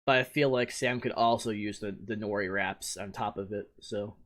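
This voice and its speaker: A man co-hosting a podcast, chatting casually with relaxed, profane banter. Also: fairly low pitch, normal speed. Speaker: podcast co-host. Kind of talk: casual chat.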